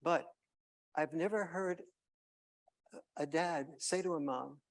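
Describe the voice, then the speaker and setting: A man delivering a conference keynote in a storytelling way, pausing often on fillers and restarts. His voice sits a little high for a man and has a gravelly texture. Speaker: keynote speaker.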